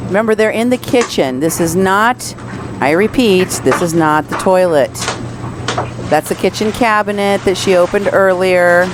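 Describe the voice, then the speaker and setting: A woman's voice: medium pitch, moderate pace, noisy background. A Mexican American woman hosting a podcast, commenting on recorded clips in an indignant, sarcastic way. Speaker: podcast host.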